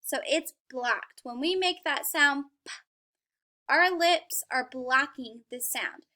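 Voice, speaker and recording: Woman, young adult, teacher, phonics lesson for kids, patient, encouraging, high voice. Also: slow pace, bright, forceful tone.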